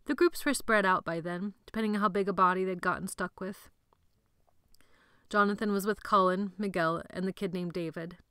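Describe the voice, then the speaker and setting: A woman narrating an audiobook chapter in steady, measured storytelling. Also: medium pitch, clear, resonant tone, dry recording, clean studio sound.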